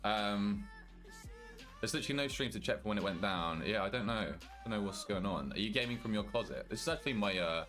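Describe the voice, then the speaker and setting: A man's voice: fairly low pitch, lively intonation, fairly quick, a bit bright, soft background music. A young British man, a streamer reading and answering his chat in loose, casual talk and swearing freely. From Britain. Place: walk-in wardrobe at home.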